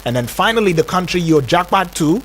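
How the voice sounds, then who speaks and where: Brief: Nigerian male radio talk host, fairly high voice, animated and expressive, faint noise behind. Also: fairly quick. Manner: animated, acts out quoted voices. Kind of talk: radio talk show discussion.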